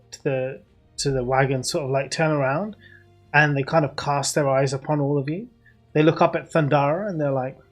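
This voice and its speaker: A man with a British accent narrating as game master over a video call, hesitant with many fillers. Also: a little high. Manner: hesitant, filler-heavy narration with frequent laughs.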